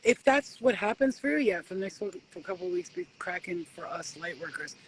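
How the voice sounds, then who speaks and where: A woman giving spiritual readings at home in a casual live-stream chat, animated and swearing freely as she acts out conversations with spirits. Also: on the low side, a little fast, slight background noise, low-quality recording. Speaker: spiritual reader.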